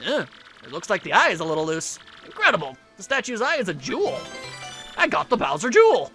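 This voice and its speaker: A man rambles playfully through a let's-play, cracking jokes as he goes. His pitch moves a lot and his tone is bright and forceful, with faint game music underneath. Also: wildly swooping pitch, fairly quick. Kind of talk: casual game commentary.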